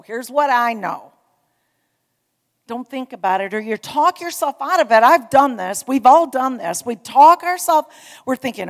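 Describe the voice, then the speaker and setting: A woman's voice: fairly high pitch, normal speed. Woman preaching in a reverberant church. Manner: animated storytelling, rising to emphatic exhortation. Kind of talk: sermon. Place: church sanctuary.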